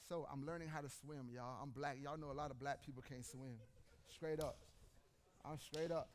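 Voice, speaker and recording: A man's voice: medium pitch, moderate pace, slight background noise. A man, telling stories and addressing the congregation directly. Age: 40s. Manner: animated storytelling, addresses audience directly. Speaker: preacher. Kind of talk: conversational sermon.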